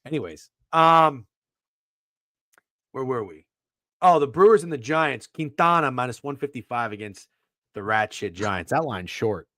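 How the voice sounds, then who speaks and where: Brief: male betting-podcast co-host, lively swooping delivery, cussing, dry close mic. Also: medium pitch, measured pace, long pauses, no echo. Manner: profane, animated, rambling. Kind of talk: casual sports betting chat.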